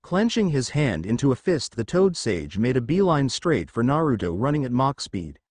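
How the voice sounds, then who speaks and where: A man narrating a fan fiction audiobook in an expressive storytelling manner. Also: medium pitch, moderate pace, no echo, studio quality.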